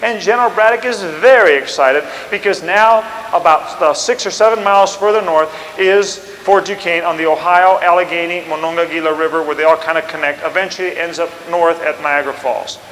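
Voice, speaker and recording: Animated high-voiced male storyteller. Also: fairly quick, hardly any pauses, long reverb tail, a little hiss or hum, poor audio. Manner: animated, acts out scenes and commands. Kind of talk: storytelling history lesson.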